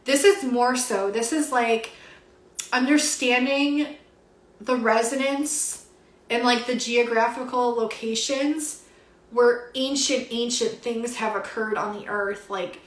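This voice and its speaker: A young woman speaks a little high and keeps close to tears. She gushes through a spiritual card reading on a home livestream, with plenty of fillers. Her voice carries in a roomy, echoing room. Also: fairly even intonation, takes it slowly. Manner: gushing, filler-heavy, breathy with awe. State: teary, emotional. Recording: roomy echo.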